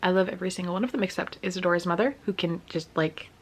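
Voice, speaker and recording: A woman's voice: on the low side, very fast. A woman talking casually about a romance novel she loves, with lots of fillers and whispered asides. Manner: gushing, filler-heavy, drops into whispers. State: tearful. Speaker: book reviewer. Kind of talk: casual book review vlog.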